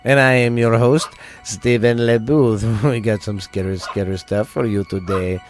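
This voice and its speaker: A man's voice: lowish voice, fairly even intonation, a little slow, soft background music. A man hosting a podcast in casual chat, goofy and full of jokes. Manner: goofy and joking. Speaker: host.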